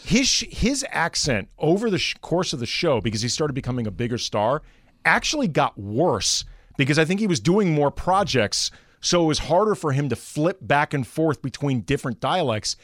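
A man co-hosting a radio show who gives quick, confident opinions and laughs easily. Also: fairly high pitch, sing-song, a bit bright, no room sound, studio quality. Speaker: radio co-host. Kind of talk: casual talk radio banter.

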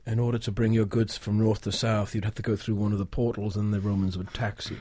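A man from Northeast England speaks with a low, husky voice. The sound is dry and close. He explains things in a measured, patient way. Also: little pitch movement, darkish tone, no room sound. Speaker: songwriter, guest. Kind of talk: interview conversation.

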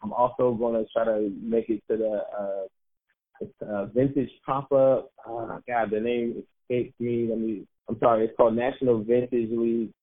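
Through narrow, phone-like audio, this podcast co-host talks football in a relaxed way, chuckling at his own expense. His voice is mid-range and flat, delivered at a moderate pace.

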